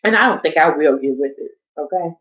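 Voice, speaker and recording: A woman's voice: low voice, lively intonation, a little fast, slightly rough. A woman hosting a casual live stream from home, rambling, chatting to viewers and swearing casually. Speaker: livestream host. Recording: dull lo-fi stream audio.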